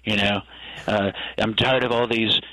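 A man's voice: fairly low pitch, steady tone, unhurried, sharp tone, no room sound, rough recording. A man doing an impression of a boastful, insulting male politician, repeating himself and tagging lines with a questioning "okay". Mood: boasting. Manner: tags nearly every sentence with a questioning okay, repeats himself. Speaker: comedic impressionist guest.

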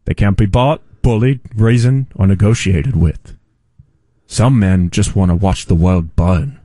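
A man's voice: lowish voice, a little slow, warm tone, dry recording, voice pushed down. A man putting on a Cockney butler voice. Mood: solemn. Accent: imitated Cockney. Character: older male butler, solemn.

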